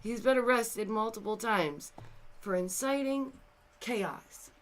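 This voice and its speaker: Over a little hiss or hum, a commentary video host with a slightly high voice talks slowly and directly to her viewers. She's exasperated and animated, jumping to loud outbursts and then settling into quiet, somber asides.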